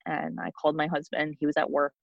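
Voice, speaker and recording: A young woman, a podcast guest, telling a personal story in a halting way with frequent restarts. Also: deep voice, completely flat delivery, vocal fry, dry recording. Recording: dull lo-fi dry sound.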